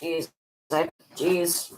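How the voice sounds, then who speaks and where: A woman chatting casually on a live stream, reading viewer comments and reacting with excitable, frequent laughter. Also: low-pitched, extremely slow, slight background noise.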